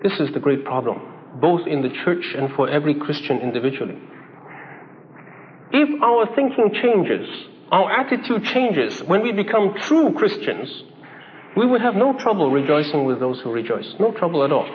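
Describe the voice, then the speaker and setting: A man's voice: on the high side, very animated, moderate pace. A man preaching a sermon in a conversational way, acting out little dialogues and chuckling as he goes. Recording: dull echoey hall recording with faint hiss.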